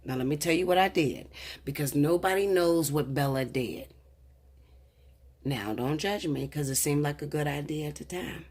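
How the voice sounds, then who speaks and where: A woman's voice: sits low, moderate pace, darkish tone, husky. A woman in her thirties, a tarot reader, telling a personal story in a heated, profane, confessional way. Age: 30s. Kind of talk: casual storytelling to camera.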